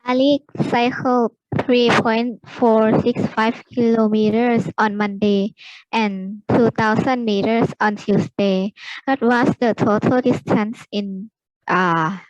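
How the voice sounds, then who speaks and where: A woman reads math word problems aloud slowly and carefully, stumbling a little now and then. Her voice sits slightly high, and the recording is dry and close. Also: fairly even intonation, dry recording, dull audio. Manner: careful, slightly halting reading. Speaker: student reading problems.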